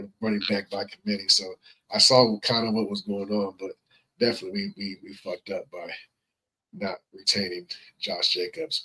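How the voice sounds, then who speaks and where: A man's voice: on the low side, pushed and bright, slightly rough, low-quality recording. A man co-hosting a fan sports stream, rambling and stammering through his points. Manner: rambling, self-correcting, stammers when explaining. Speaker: co-host of a fan sports show. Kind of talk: live-stream sports talk.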